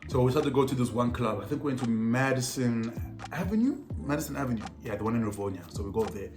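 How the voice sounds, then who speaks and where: A young South African man telling a personal story to camera in a casual, animated way, heavy on slang and repeated phrases. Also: mid-range voice, fast. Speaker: storytelling vlogger. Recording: roomy echo with faint music.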